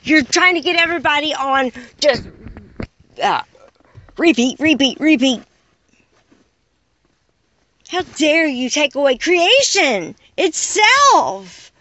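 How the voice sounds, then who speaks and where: A woman's voice: high-pitched, big pitch swings, slow pace, long pauses, sharp tone, no echo, low-quality recording. A woman delivering an impassioned, exasperated monologue full of rhetorical questions. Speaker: caller addressing unseen listeners.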